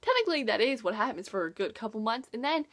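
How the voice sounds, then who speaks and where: A high-voiced teenage girl talking in a casual book review vlog. She gushes in a chatty way, full of "like" fillers, and reacts with lively asides as she retells the story. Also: fast talker, slight background noise. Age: teens.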